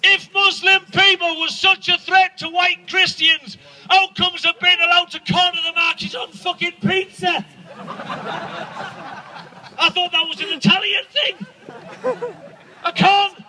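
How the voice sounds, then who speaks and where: Male comic, outdoor crowd set; sharp, piercing, loud ranting delivery. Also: very high voice, little pitch movement, measured pace, long pauses, poor audio. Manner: loud, ranting, profane, shouting punchlines. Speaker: stand-up comedian. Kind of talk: stand-up rant to an outdoor crowd. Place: outdoors at a protest gathering.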